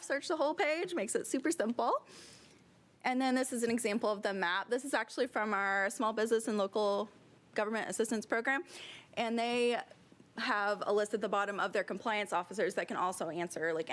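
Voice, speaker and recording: A woman's voice: a little high, a little fast. A woman giving a casual, upbeat slide presentation at a work meeting.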